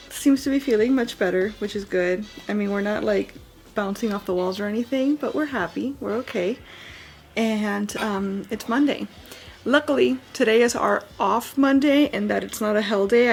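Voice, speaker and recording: Tired mom-vlogger, thirties, American, rambling casual to-camera chat with plenty of fillers, medium pitch. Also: female voice, vocal fry. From United States. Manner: chatty, rambling, frequent fillers. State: tired, yawning. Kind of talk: casual daily vlog to camera. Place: at home, indoors.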